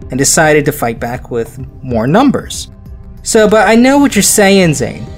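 A man's voice: a little high, sing-song, unhurried, soft background music. Chatty man telling history with jokes. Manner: jokey, laughs often, drops into silly voices. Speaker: podcast host telling history. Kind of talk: casual storytelling chat.

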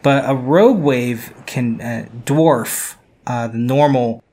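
A man's voice: mid-range voice, takes it slowly, dark tone. A man co-hosting a podcast, explaining things casually with repeated words and lots of "you know". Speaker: podcast co-host.

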